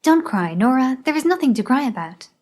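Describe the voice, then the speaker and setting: A woman reading as a middle-aged dying father, gentle, steady, audiobook. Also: sits high, a little fast, voice pushed up. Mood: tender.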